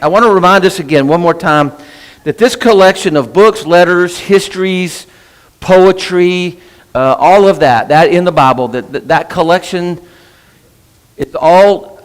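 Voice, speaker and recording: In a church meeting room, a high-pitched male voice with a long reverb tail leads a casual Bible class. He talks in a chatty way, breaks off mid-sentence, and frequently tosses in "right?"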